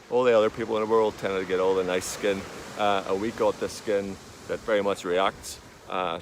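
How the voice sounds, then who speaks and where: Irish male comic vlogger, deep and flat, slow drawn-out deadpan, outdoor take with wind noise. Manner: slow, unhurried, many drawn-out "uh" fillers.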